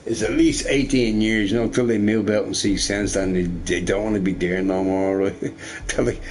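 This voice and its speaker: Middle-aged man, lowish voice, loose profane gaming-stream rant with a "right?" on every other line. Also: moderate pace, darkish tone. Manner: rambling, profane, tags lines with "right?". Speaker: shop boss and gamer. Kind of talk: casual rant while gaming.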